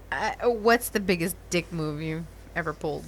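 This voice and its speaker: A woman's voice: on the low side, slight background noise. A woman co-hosting a podcast in casual chat, joking bawdily and laughing often. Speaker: podcast co-host.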